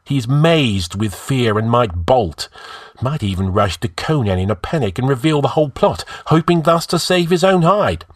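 A man's voice: medium pitch, lively intonation, normal speed, no room sound, studio quality, pitched above the performer's own voice, natural voice. A man voicing an arrogant, scheming male outlaw who gives orders in a commanding, scornful way.

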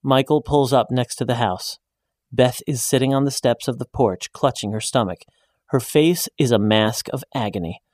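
A man reading a short story aloud in a measured, even storytelling voice, raising his pitch when he speaks the woman's lines. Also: dry recording. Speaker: narrator. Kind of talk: scripted story narration.

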